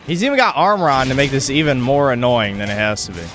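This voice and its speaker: A man's voice: medium pitch, big pitch swings, fast, fairly bright tone, faint music behind. A man streaming a video game, who grumbles, swears at the game and chats casually with his viewers. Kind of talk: casual live-stream commentary.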